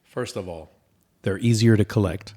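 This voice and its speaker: Casting: man podcast co-host, easygoing and joking, a fairly low voice. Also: normal speed. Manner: repetitive, joking, relaxed. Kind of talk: casual chat.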